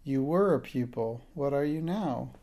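A frail invalid gentleman from a storybook presses his questions urgently and breathlessly, read by a man. The voice is low-key and mellow, with some gravel in it. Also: lively intonation, a little slow. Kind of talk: audiobook reading.

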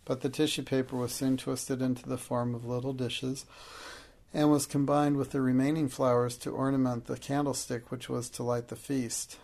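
A man narrating a storybook in a measured, even reading. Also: mid-range voice. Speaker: audiobook narrator.

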